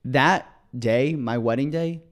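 A man co-hosting a comedy podcast, telling a long story in a casual, excited, rambling way with many restarts. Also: mid-range voice, takes it slowly. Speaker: podcast co-host.

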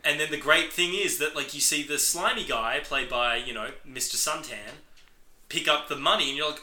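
A man co-hosting a podcast, excitedly retelling movie scenes and acting out the characters' lines in casual talk. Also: fairly high pitch, moderate pace. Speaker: podcast co-host. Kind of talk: casual film discussion. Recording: echoey room.

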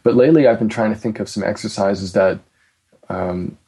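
Male jazz teacher, low voice, halting talk full of restarts, relaxed conversation. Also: slightly rough. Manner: hesitant, many restarts, laughs easily. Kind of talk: casual conversation about practice.

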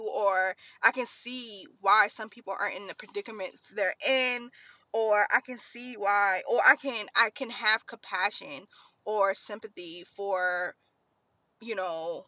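A young woman hosts a podcast from her car, her voice a little high, pushed and bright, with no room sound around it. Tearful, she rambles through a heartfelt personal story, using lots of fillers.

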